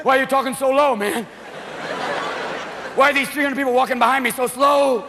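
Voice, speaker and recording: A man's voice: very high-pitched, fairly even intonation, a little fast, pauses often, pushed and bright. A man performing a manic stand-up comedy set, jumping between silly voices in front of a live audience. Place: large venue with a live audience. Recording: live concert recording with crowd noise. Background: audience laughter.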